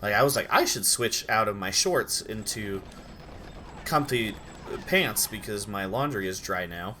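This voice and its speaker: A sleepy young man from Idaho chatting casually on a live stream while gaming, rambling with quick outbursts. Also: lowish voice, expressive, pushed and bright, slight background noise. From Idaho, USA.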